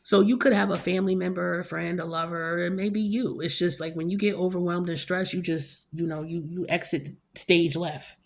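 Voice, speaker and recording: A fairly low-pitched woman giving a tarot reading straight to her camera. She talks in a loose, chatty way, full of slang and freely dropped curses, as if confiding in friends. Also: steady tone, moderate pace, creaky, few pauses. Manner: chatty and blunt, loose slang and frequent cursing. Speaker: tarot card reader.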